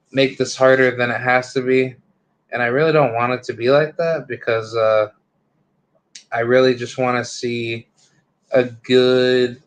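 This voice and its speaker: A man in his thirties talks slowly through a casual opinion monologue. He is blunt, rambles, and leans hard on "you know" and "like" between his points. His voice sits at an ordinary male pitch. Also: a bit bright, low-quality recording. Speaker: channel host.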